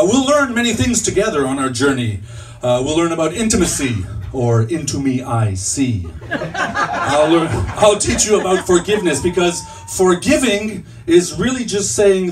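A man's voice: a little high, very animated, normal speed. A man performing stand-up comedy as a fake motivational speaker, mock-earnest and stumbling over his own puns, on a comedy club stage. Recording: distant mic with faint room noise.

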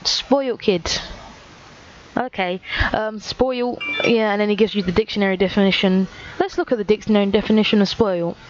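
A woman's voice: mid-range voice, a little fast, few pauses, darkish tone. A teenage girl talks through viewer comments with a sarcastic, self-mocking edge. Her voice sits in an ordinary middle register. The recording sounds dull and lo-fi, with a faint hiss underneath. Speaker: YouTuber. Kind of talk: casual commentary reading comments.

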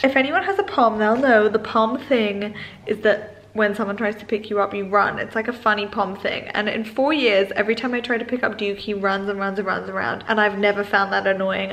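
A woman's voice: medium pitch, fairly bright tone. A young woman talking openly and chattily to her camera at home, with lots of "like" fillers. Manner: open, confiding, chatty with many "like" fillers. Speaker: vlogger. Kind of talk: candid casual vlog talk to camera.

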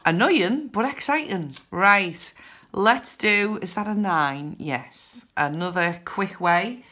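A woman hosting a scratchcard video, counting numbers aloud in casual narration with bursts of excited whoops. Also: medium pitch, slow. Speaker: scratchcard channel host.

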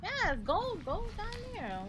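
A young woman streaming a game, reacting loudly with shrieks and laughs and talking back to the game in slang. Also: very high-pitched, sing-song, slow pace, very noisy. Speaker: gaming streamer. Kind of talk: live gameplay commentary.

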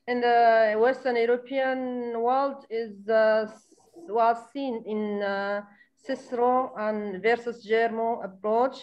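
A woman's voice: fairly high pitch, dull audio. A woman presenting a chapter to an online class, hesitant and full of fillers, over video call audio. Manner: hesitant, many fillers, slow. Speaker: student presenter.

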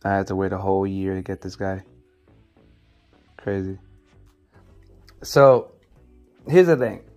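Male keeper, low easygoing voice, slow unhurried delivery, faint guitar underneath. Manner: laid-back, talks softly to his snakes. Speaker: snake keeper showing his collection. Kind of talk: casual vlog chat. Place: indoor snake room.

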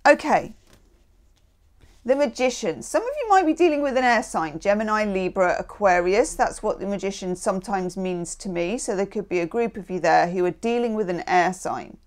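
A woman's voice: mid-range voice, animated, normal speed. A woman giving a casual, chatty tarot reading. She is encouraging and often checks in with "okay?". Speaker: tarot reader.

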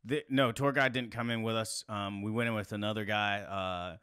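A man in his thirties from South Carolina, a podcast guest telling a story in a casual, animated way, swearing freely. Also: moderate pace, smooth, no echo, clean studio sound. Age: 30s. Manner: animated, swears a lot, rising to high exclaims.

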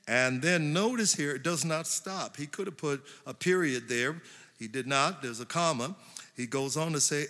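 A man pastor preaching a sermon, building to emphatic slow stresses. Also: medium pitch, sharp tone. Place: large church hall. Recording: long church hall reverb.

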